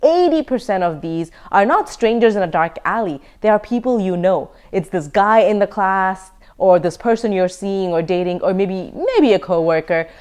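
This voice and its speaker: A woman in her thirties teaching self-defense in an emphatic, energetic lecture style. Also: mid-range voice, moderate pace, hardly any pauses, smooth. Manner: emphatic, energetic, laughs now and then. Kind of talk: online course lecture.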